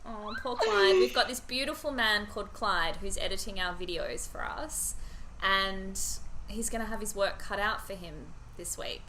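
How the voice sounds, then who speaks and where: A woman's voice: medium pitch, moderate pace, background noise. A young woman co-hosting a podcast, upbeat and giggly in casual chat over a video call. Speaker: podcast co-host and yoga teacher.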